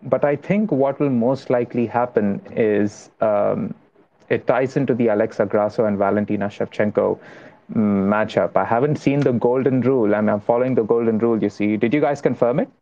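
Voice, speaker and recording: A man's voice: medium pitch, fairly quick, mellow, muffled recording. A man co-hosting a casual talk show remotely, speaking in a mock-dramatic, apologetic way.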